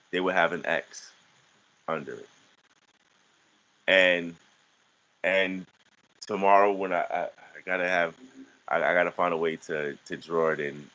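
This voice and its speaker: Low-voiced man teaching, halting. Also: steady tone, sharp tone, poor audio. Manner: halting, many restarts and fillers. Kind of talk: online class instruction.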